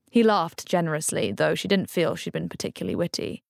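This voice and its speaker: A woman narrating an audiobook in a measured, even storytelling manner. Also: lowish voice, creaky, no room sound, clean studio sound.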